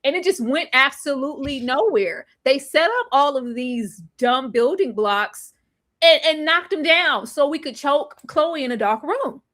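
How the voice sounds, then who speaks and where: A woman co-hosting a casual movie review chat, emphatic and animated, acting out lines of dialogue as she talks. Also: high-pitched, a little slow. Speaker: podcast co-host.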